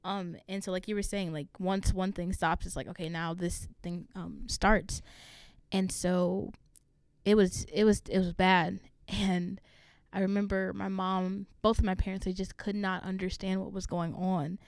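A woman's voice: medium pitch, level tone, darkish tone, clear, resonant tone, no echo, clean studio sound. A young woman, a college student, talking candidly and frankly about hard personal experiences, swearing freely. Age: young adult. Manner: open and frank, swears freely, fast asides.

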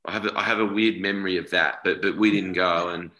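Australian man, 40s, very deep and bright-toned; rambling interview guest in an echoey room. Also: fairly even intonation, quick pace. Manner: rambling, self-correcting, repeats words. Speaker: actor guest. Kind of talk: casual interview chat.

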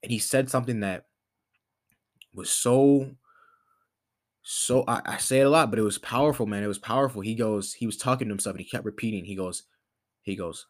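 A man's voice: on the low side, fairly quick, long pauses. A man hosting a podcast, talking in a casual motivational monologue, rambling with lots of fillers and restarts. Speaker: podcast host.

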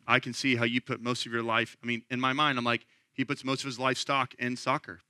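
A man's voice: mid-range voice, little pitch movement, brisk, few pauses, sharp tone, smooth, no room sound, studio quality. A man in his thirties, a pastor giving an earnest, conversational sermon. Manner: earnest, conversational preaching that rises to impassioned.

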